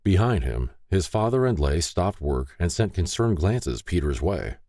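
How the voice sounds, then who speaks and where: A man narrating an inspirational audiobook in an expressive storytelling manner. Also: deep voice, a little slow, no echo, studio quality. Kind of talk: scripted narration.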